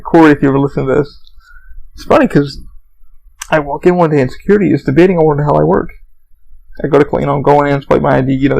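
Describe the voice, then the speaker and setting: A man's voice: on the high side, creaky, rough recording. A man hosting a podcast, telling rambling, profane stories about theme park work and acting out the people in them. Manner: profane, animated storytelling with voiced quotes. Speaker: podcast host. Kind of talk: rambling casual monologue.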